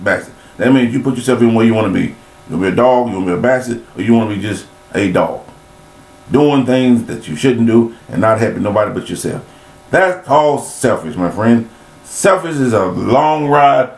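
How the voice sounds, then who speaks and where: Blunt preachy man in an echoey room. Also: mid-range voice. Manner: preachy, blunt and scolding, lists words, sings snatches. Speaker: motivational speaker. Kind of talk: rambling motivational monologue.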